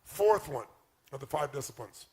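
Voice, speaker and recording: A man's voice: mid-range voice, lively intonation, normal speed, gravelly, a little mellow. A man giving an emphatic motivational talk on relationships, acting out quoted speech. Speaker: motivational speaker.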